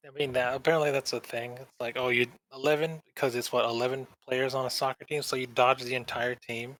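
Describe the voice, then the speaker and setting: A man's voice: medium pitch, level tone, brisk, fairly bright tone, rough recording. A man co-hosting a casual podcast chat, rambling in slang and briefly mimicking characters in exaggerated voices. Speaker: podcast co-host.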